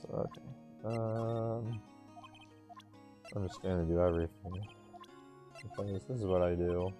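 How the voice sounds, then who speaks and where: A man's voice: sits low, fairly even intonation, measured pace, music in the background. A tired man giving casual commentary over a game playthrough, recorded on an earbud mic. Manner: tired, offhand. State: sleepy, yawning.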